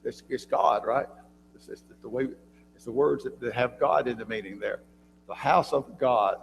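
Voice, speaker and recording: A man teaching a church Bible class, talking conversationally, often quizzing his listeners with questions and clearing his throat, recorded in a church room with long reverb and a faint hum. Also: medium pitch, moderate pace. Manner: frequent throat clearing and restarts.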